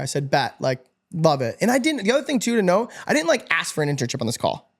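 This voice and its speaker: A young man from upstate New York telling stories as a guest in a casual interview, energetic and animated, laughing and swearing freely. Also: a little high, fast talker. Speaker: podcast guest.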